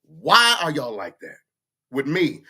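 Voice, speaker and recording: A man's voice: a little high, sing-song, slow pace, pushed and bright, breathy edge. A man, hosting a casual livestream chat, ranting bluntly with profanity. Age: 50s. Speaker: livestream host. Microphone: computer mic for a livestream.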